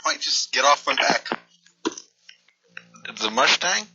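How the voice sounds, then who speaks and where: A man's voice: a little high, little pitch movement, fast, sharp tone, a little hiss or hum. A man making a prank phone call, rambling and acting confused and hurt. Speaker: prank caller.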